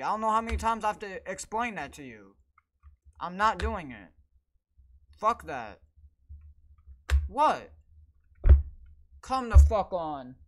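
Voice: mid-range voice, fairly bright tone, a little hiss or hum. A gaming video creator giving gameplay commentary, frustrated and swearing constantly while ranting at the game.

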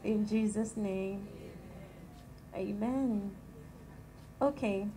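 A Nigerian woman with a tiny, soft voice, praying and speaking calmly and gently to a church women's gathering into a handheld microphone. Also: medium pitch, very slow, a little hiss or hum, rough recording. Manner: calm and gentle, chatty with light laughs. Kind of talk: prayer and talk to a church gathering.

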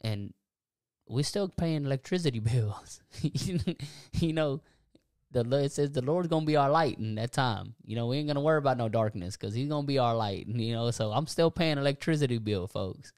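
A young man talking casually about faith and self-forgiveness on a podcast, animated and preachy, laughing often. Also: mid-range voice, moderate pace, dry recording, clean studio sound. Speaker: podcast co-host.

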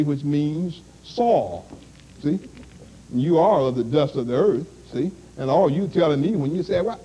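A man's voice: on the high side, mellow, highs cut off, a little hiss or hum. A man preaching a sermon to a congregation, constantly asking "see?" and "you understand?".

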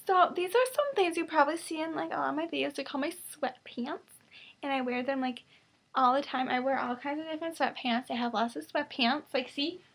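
A woman's voice: high-pitched, brisk. A woman talking casually to her webcam from her bedroom, rambling with lots of fillers and sometimes dropping to a whisper. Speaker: vlogger in a collab channel.

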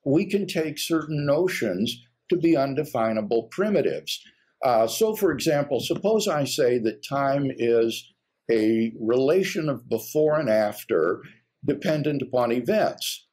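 A man, a guest philosopher, giving a measured rebuttal in conversation with careful, deliberate phrasing. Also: medium pitch, lively intonation, a little mellow, husky.

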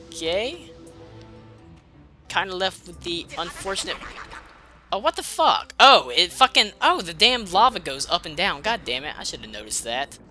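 A woman's voice: on the low side, very animated, normal speed, pushed and bright, soft background music. A woman giving casual, profane gameplay commentary, muttering and sarcastic as she plays. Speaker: let's play host.

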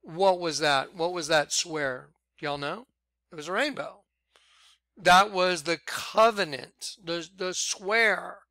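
A man's voice: high voice, bright, forceful tone, dry recording. A man reading old scripture aloud and breaking off to explain it, stressing words by drawing them out and telling listeners to watch. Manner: emphatic, repeats "watch", drawn-out words for emphasis. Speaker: self-styled preacher.

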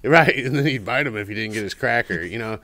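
A man's voice: on the low side, expressive, fast, sharp tone, dry recording. A man co-hosting a casual podcast from a shop, telling rambling stories with many fillers. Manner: rambling storyteller, mimics a parrot's squawk. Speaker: podcast co-host. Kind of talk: casual chat. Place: cigar shop.

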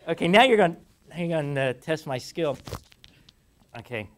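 Chatty man lecturing, higher voice. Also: lively intonation, moderate pace. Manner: chatty, laughs often, many restarts. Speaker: university lecturer. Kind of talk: classroom lecture. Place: lecture hall.

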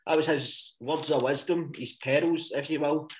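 A man's voice: fairly high pitch, steady tone, moderate pace, slight background noise. A man with a Scottish accent, telling rambling, sweary stories in casual podcast chat and breaking into laughs. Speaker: podcast co-host.

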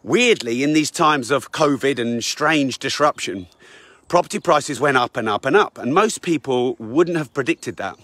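A slightly breathless man talks while walking and pitches his event with eager energy. His voice sits at an ordinary middle pitch and sounds close and dry, with no room around it. He leans on "um" and "you know" as he goes. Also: animated, normal speed, fairly bright tone, no room sound. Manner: eager sales pitch, many fillers. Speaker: business coach promoting his event. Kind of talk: live-streamed casual talk.

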